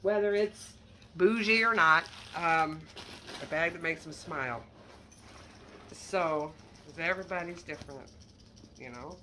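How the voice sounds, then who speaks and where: Bright, chatty woman showing off handbags. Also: on the low side, measured pace, long pauses, slight background noise. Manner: chatty, candid and self-deprecating, with asides. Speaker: online handbag reseller. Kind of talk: casual product showcase vlog.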